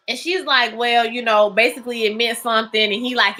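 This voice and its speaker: A bright, slightly high-voiced woman, hosting a live recap. She tells the episode like a story to friends, acting out the characters' lines in loud, slangy bursts and laughing often. The talk stays casual and lively throughout. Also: slow pace, slight background noise. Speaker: TV recap host.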